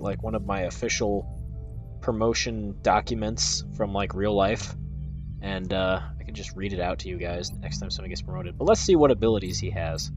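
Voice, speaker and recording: A man's voice: mid-range voice, a little mellow, lo-fi sound. A man hosting a video game playthrough, talking casually in a goofy, rambling way with mock-grand announcements. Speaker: let's play host. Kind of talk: casual gameplay commentary.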